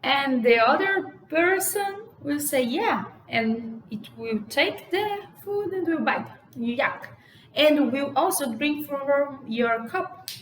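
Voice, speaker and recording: Young Brazilian woman, Portuguese-accented English, casual vlog chat, slow unhurried delivery, fairly high voice, echoey room, faint hum behind. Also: lively intonation. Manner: chatty, many fillers like "like" and "you know". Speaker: vlogger. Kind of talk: casual explaining to camera.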